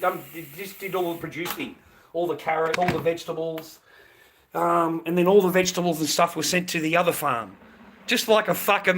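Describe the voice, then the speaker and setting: An Australian man in a profane, rambling casual chat to viewers, breaking into loud bursts. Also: a little high.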